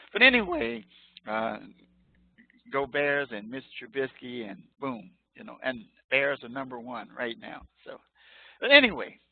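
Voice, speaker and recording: A gravelly, mid-range male voice belongs to a college professor in his 60s from Chicago. His informal online lecture is chatty and jokey, drifting off topic with plenty of laughter, and the recording is tinny, phone-like, dry and echo-free.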